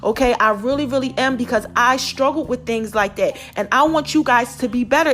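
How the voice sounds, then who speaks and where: High-pitched, passionate woman podcaster. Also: moderate pace, few pauses, fairly bright tone, faint music behind. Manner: passionate, preachy, talks straight to listeners. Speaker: podcast host. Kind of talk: motivational monologue.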